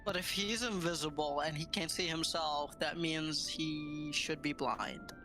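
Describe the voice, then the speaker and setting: Co-player on a stream, mid-pitched, dry jokes, faint game music behind. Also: unhurried, bright, forceful tone, rough recording. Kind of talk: casual chat during game.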